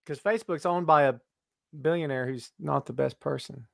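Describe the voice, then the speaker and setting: A middle-aged man hosts a live-streamed wrestling podcast over a webcam, joking and teasing as he greets viewers by name. His voice is a little high and creaky at a normal speed, recorded dry at studio quality.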